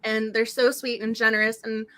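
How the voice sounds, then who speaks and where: A woman hosting a book club livestream in casual, effusive chat, her voice slightly hoarse. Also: fairly high pitch, little pitch movement, moderate pace, fairly bright tone.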